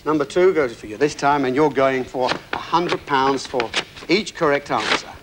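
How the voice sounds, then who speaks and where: A man's voice: medium pitch, moderate pace, background noise. A man hosting a television quiz show, jovial and joking with the contestants as he reads out questions and scores. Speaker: game show host. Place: TV studio. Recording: TV studio with audience and music. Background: studio audience and show music.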